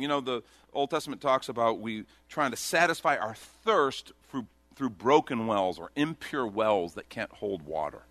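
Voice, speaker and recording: A man preaching a sermon in a conversational, animated way, often acting out the people he quotes. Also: mid-range voice, no room sound. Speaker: pastor.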